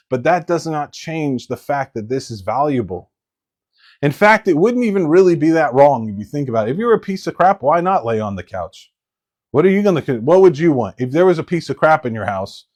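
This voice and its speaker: A male pastor delivering a sermon at an ordinary, mid-range pitch. He talks in a blunt, conversational way and does not shy away from coarse words. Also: expressive, fairly quick, a little mellow.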